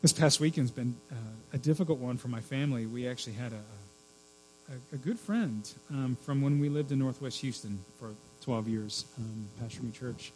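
A man preaching a sermon as pastor, dropping to a hush and then rising to loud cries for emphasis. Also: medium pitch, moderate pace, a little hiss or hum, poor audio. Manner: swings from hushed to shrieking for emphasis.

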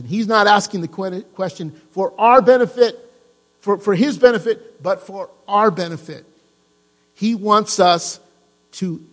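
A man preaching a sermon to his congregation, lively, asking them questions and joking. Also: high-pitched, long reverb tail. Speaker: pastor. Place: church.

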